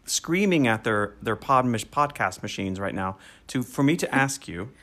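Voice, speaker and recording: A man's voice: mid-range voice, moderate pace. A man co-hosting a podcast, chatting casually with enthusiasm and jokes. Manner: enthusiastic, jokey, animated. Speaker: podcast co-host.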